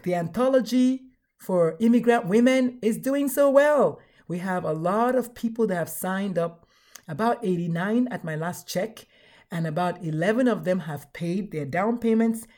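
A woman's voice: medium pitch, a little mellow. A woman hosting her podcast live, chatting casually with bubbly, repetitive enthusiasm. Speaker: podcast host.

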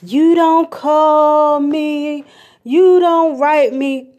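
A woman voicing her fussy, doting old grandmother in a high, drawn-out, scolding voice. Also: steady tone, darkish tone. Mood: fussing.

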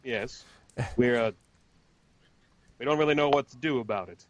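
A man playing in a tabletop game, joking and lively, heard over a call. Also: medium pitch, brisk, dry recording. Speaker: player. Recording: dry, dull lo-fi call audio.

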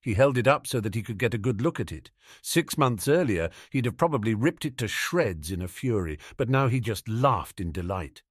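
A man narrating a fantasy story with an expressive delivery. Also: fairly low pitch, moderate pace, husky, no echo, studio quality. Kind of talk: audiobook narration of fan fiction.

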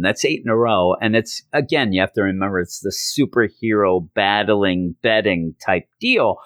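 Low-voiced animated podcast host. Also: male voice, moderate pace, few pauses, dry recording, clean studio sound. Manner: animated storytelling, acting out characters. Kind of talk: comic book recap podcast.

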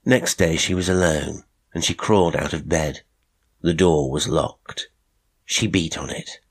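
A man narrating a classic horror short story in a measured, unhurried way. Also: a bass voice, fairly even intonation. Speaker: narrator and producer.

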